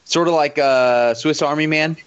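A man co-hosting a podcast, chatting casually, blunt and quick to laugh. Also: fairly high pitch, smooth, lo-fi sound. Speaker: podcast co-host. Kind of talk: casual chat.

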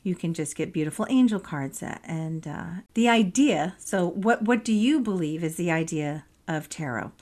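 A woman's voice: on the low side, lively intonation, normal speed, few pauses, darkish tone. A woman co-hosting a podcast in casual chat, chatty and prone to giggling. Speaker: podcast co-host.

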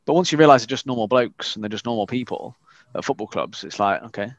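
Lively fast-talking man, dry sound. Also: mid-range voice, no echo. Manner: animated storytelling with swearing. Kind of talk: casual chat.

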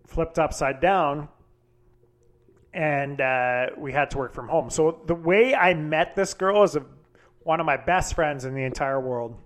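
A man hosting a solo podcast, telling a story in a casual, candid way with frequent fillers and swearing. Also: on the high side. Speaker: podcast host.

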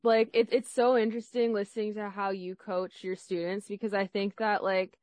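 A woman's voice: medium pitch, flat delivery, normal speed, a little mellow, no echo. A woman hosting a podcast, speaking casually and filling her sentences with "like". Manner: casual, many "like" fillers. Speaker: podcast host.

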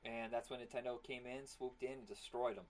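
A man's voice: mid-range voice, steady tone, a little fast. A man co-hosting a casual podcast, rambling and joking, his voice strained and partly worn out. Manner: rambling and jokey, prone to silly voices. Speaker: podcast co-host. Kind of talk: casual chat.

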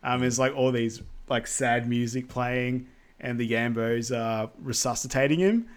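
A man with a mid-range voice chats his way through a film summary. He talks loosely, piling up fillers and tossing in quick asides as he goes. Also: mid-range voice, clear, resonant tone. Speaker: podcast co-host. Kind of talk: casual film recap chat.

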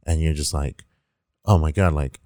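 Very deep, mellow-voiced young man. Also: moderate pace, dry recording, clean studio sound. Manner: rambling, heavy use of 'like', swears casually. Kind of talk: casual conversational storytelling.

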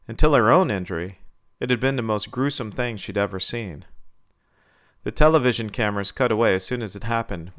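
A man reading a short story aloud in a measured, scripted narration. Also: fairly low pitch, fairly bright tone.

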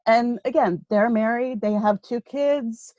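A middle-aged woman guest telling dating stories in lively casual chat. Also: on the high side, measured pace, no room sound, dull audio. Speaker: guest, author.

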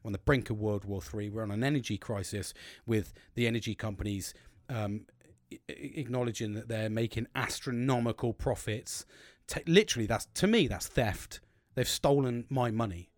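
A man's voice: lowish voice, moderate pace, no room sound, studio quality. Blunt, sweary British man. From United Kingdom. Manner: blunt, sweary and rambling, with frequent restarts; gets emphatic and preachy when giving advice. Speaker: vlogger. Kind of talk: candid personal monologue.

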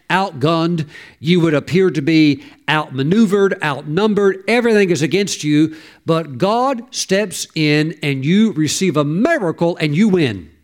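A man preaching a sermon, telling a story and breaking into exclamations and calls for amen. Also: on the high side.

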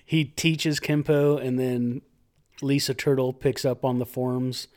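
A man's voice: mid-range voice, steady tone, takes it slowly, darkish tone. A man co-hosting a podcast, talking casually and sardonically about a movie. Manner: sardonic, laughs easily. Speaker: podcast co-host. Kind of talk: casual chat reviewing a movie.

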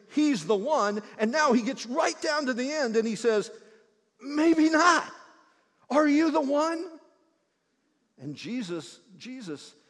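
Male pastor, high and very lively voice, sermon with long hall reverb. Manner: animated preaching, swinging between loud emphasis and hushed lines.

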